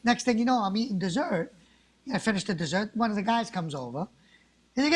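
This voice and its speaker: This actor, appearing as a guest, rambles through anecdotes in casual interview chat, performing the voices of the people in them. He speaks fairly quickly in a high-pitched, expressive, husky voice.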